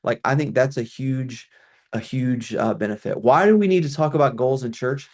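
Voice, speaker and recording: Middle-aged male former pastor, conversational presenter on a call, mid pitch, loose and restart-prone. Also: normal speed, darkish tone. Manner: conversational, many restarts and fillers. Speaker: ministry consultant, former pastor.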